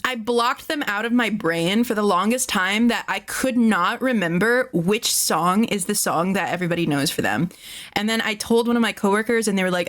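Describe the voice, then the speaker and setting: Young woman streamer, casual rambling chat, profane and sarcastic, middle pitch. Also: fairly quick, fairly bright tone.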